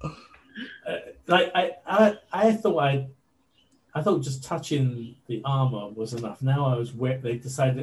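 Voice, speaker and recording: A man being interviewed, telling a story in a casual, animated way with lots of fillers. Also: medium pitch, a little slow, a little hiss or hum, poor audio. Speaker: interview guest.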